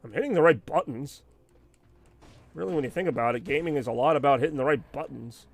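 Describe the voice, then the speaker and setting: A man's voice: on the high side, fast, vocal fry. A man rambling and venting in casual chat while streaming live gameplay, with frequent asides. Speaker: gaming streamer.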